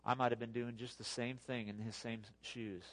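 A man giving a sermon as a pastor, talking to the congregation in a conversational, animated way with asides. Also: mid-range voice, normal speed.

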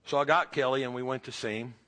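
A man, preaching a sermon and telling a personal story, swinging from loud emphasis to hushed tones. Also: medium pitch, steady tone, fast. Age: 50s or older.

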